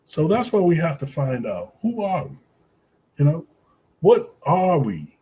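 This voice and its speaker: A man's voice: a little high, very animated, a little slow, warm tone, a little hiss or hum. A man in his sixties hosting a reflective podcast, a former ethics teacher who asks rhetorical questions and acts out his classroom exchanges. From United States. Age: 60s.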